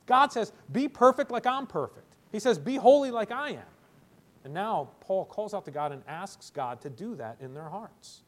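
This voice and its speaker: A man with a fairly high voice preaches a sermon as pastor. He leans on words and repeats them for emphasis, swinging between loud exhortation and quieter asides.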